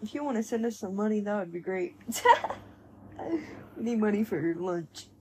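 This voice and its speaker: A woman's voice: medium pitch, moderate pace, noisy background. A young woman co-hosting a podcast in casual chat, blunt and laid-back, swearing freely. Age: young adult. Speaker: podcast co-host.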